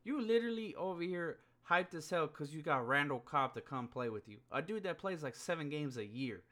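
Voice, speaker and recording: A man's voice: on the high side, lively intonation, brisk, sharp tone. A man giving a casual, profane, rambling rant about sports, full of fillers and heated outbursts. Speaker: sports podcaster.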